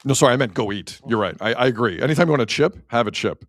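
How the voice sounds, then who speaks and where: A man's voice: mid-range voice, lively intonation, very fast, no echo. A man hosting a sports talk show, ranting emphatically with rhetorical questions in casual talk.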